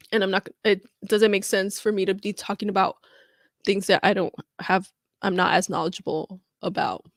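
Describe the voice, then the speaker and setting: A woman's voice: mid-range voice, little pitch movement, normal speed, no room sound, studio quality. A woman giving casual, chatty commentary on a live stream, talking in emphatic asides.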